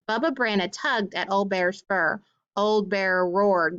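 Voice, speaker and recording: A woman reads a children's picture book aloud at a middling pitch. She stops now and then to explain things plainly for young listeners. The recording is a little dull and lo-fi. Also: steady tone, measured pace, fairly bright tone. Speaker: storyteller.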